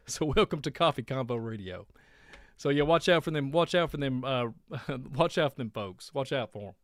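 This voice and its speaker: A man's voice: medium pitch, lively intonation, normal speed, dry recording, clean studio sound. A man from Kentucky with a country accent, hosting a casual monologue, rambling and laughing often. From Kentucky, USA. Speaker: host. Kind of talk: casual radio-style monologue.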